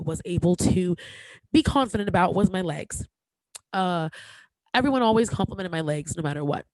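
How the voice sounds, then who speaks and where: A woman's voice: lowish voice, no room sound, poor audio. A woman in her thirties hosting a podcast, talking candidly and with emotion, joking now and then, with many fillers and restarts. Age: 30s. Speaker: podcast host. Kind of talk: casual podcast monologue.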